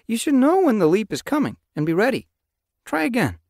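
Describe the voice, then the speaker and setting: A man voicing a cool, brisk young male apprentice cat in a storybook reading, giving instructions in a clipped way. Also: very high voice, huge pitch swings, darkish tone, no room sound, studio quality, voice pushed up, exaggerated voice.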